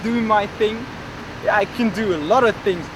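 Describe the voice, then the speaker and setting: A man plays a grandiose young dreamer with sky-high ambitions. He rambles boastfully and fills his talk with hesitations, in a high voice. Loud traffic fills the outdoor street behind him. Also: moderate pace, close to an everyday voice. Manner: rambling, boastful, full of fillers. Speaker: interviewee. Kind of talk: comedic street interview.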